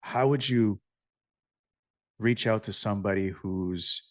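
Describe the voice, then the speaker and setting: Low-voiced guy hosting a chat, jokey and easygoing, super dry mic. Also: slow pace, no echo. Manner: joking, laid-back, asks open questions. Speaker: podcast host. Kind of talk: casual interview conversation.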